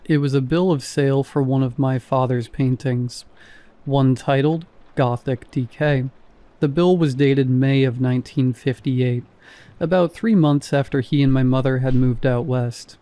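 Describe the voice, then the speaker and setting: A man narrating a scary story in a calm, measured reading voice. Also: medium pitch. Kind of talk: scripted narration.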